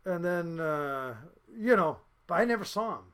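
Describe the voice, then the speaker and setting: High-voiced man telling rambling stories. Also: animated, moderate pace, fairly bright tone, smooth. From United States. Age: 50s. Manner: rambling, blunt, salty, with many fillers. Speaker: podcast guest, fishing boat captain. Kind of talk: casual storytelling.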